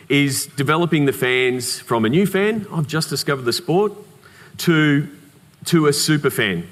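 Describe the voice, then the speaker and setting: An Australian man giving a conference keynote, telling anecdotes in a lively way with humorous asides. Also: medium pitch. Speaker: keynote speaker. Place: conference hall. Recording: reverberant conference hall.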